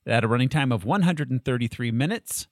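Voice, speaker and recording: A man's voice: medium pitch, animated, fast, dry recording, clean studio sound. A man hosting a casual movie podcast, joking and laughing often as he talks. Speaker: podcast host.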